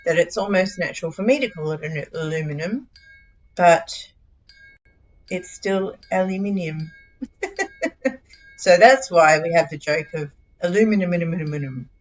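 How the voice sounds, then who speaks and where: Aussie lady streaming a game, lowish voice, rambly and giggly, laughs at herself. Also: a little slow, long pauses, a little hiss or hum, poor audio. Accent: Australian. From Australia. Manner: chatty, scattered, giggly, self-mocking. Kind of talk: casual live game-stream chat.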